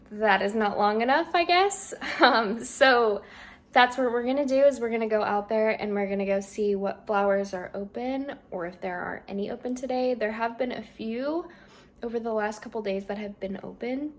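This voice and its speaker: A woman's voice: a little high, measured pace. A young woman narrating a casual gardening vlog in a chatty, slightly unsure way, with fillers and small laughs, partly recorded outdoors in her garden. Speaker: gardening vlogger.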